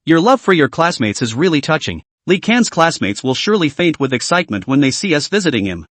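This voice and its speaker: A sly young sidekick full of sarcasm, as a man reads him. The voice is a little high, with lively pitch. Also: fairly quick, no room sound. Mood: sarcastic.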